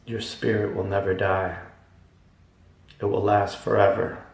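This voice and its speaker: A man giving a dramatic Christian testimony, emphatic, swinging from hushed tones to loud ones. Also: fairly low pitch, flat delivery, a little slow. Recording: echoey hall, voice from far off.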